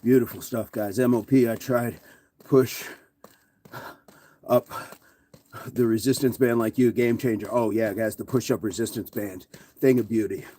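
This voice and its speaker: A man coaching a livestream workout, slightly out of breath and sighing between sets. He talks slowly in a warm, mellow voice while counting reps and calling out viewers' names. A faint hiss of noise sits behind him. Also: mid-range voice, fairly even intonation. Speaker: fitness livestream host. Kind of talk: live workout coaching, reading chat.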